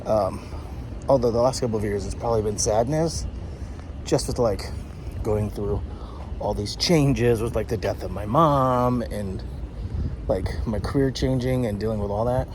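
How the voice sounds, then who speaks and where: A man's voice: fairly low pitch, a little slow, background noise. A man talking candidly in a personal vlog, sounding frustrated and blunt, with frequent swearing. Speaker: vlogger. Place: partly outdoors in summer heat.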